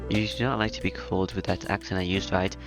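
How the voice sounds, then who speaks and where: A man puts on a reserved young servant woman from a visual novel reading. She speaks in polite, measured phrases, in a deep, gravelly, flat voice. Music plays behind her.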